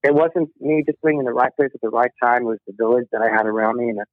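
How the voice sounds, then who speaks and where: A man's voice: medium pitch, fast talker, dry recording. A middle-aged man, a rock musician guest, telling stories in a casual interview, acting out quotes and laughing often. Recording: tinny dry phone line.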